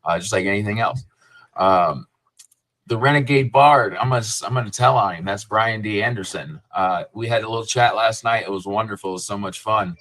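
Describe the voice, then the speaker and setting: A man's voice: fairly low pitch, fairly quick, fairly bright tone. A man hosting a live stream interview, talking in an enthusiastic, friendly way. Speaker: host.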